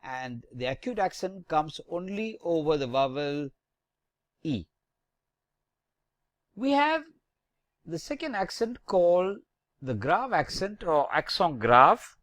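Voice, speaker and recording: Slow, deliberate French alphabet teacher. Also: medium pitch, very animated, fairly bright tone, dry recording. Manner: deliberate, spells out letters one by one with corrective tips. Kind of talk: slow alphabet pronunciation lesson.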